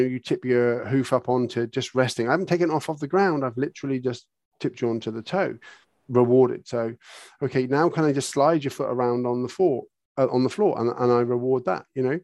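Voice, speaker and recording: A horse trainer talks through his methods in an interview, eager and quick to act out what he and the horse might say. His voice is gravelly with a creaky edge at a middle pitch. The sound is close and dry, with no room around it. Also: no room sound. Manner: animated, explains by acting out dialogue. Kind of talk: podcast interview answers.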